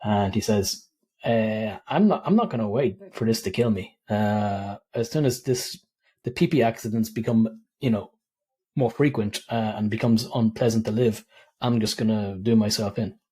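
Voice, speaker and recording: A man's voice: fairly low pitch, moderate pace, warm tone, husky. An Irish man co-hosting a podcast, chatting about a film, laughing easily and acting out quotes. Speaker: podcast co-host. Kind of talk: casual film review chat.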